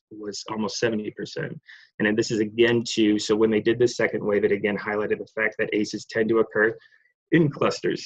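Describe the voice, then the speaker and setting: A man giving an online clinical lecture over slides, rambling with many fillers, restarts and apologies. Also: gravelly. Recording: muffled, low-fidelity online session audio.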